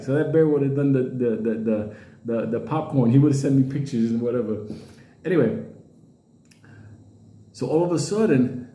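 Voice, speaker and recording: A man's voice: medium pitch, dark tone. A man telling a comedic story with lots of profanity, acting out the other people in it with big jumps in his voice. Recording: roomy echo.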